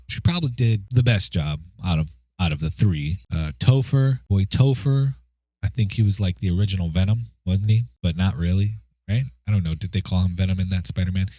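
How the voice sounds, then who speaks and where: A man's voice: lowish voice, mellow, no room sound. A man giving a casual spoken movie review, chatty and checking in with the listener as he goes. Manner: chatty, keeps asking "okay?" and "right?".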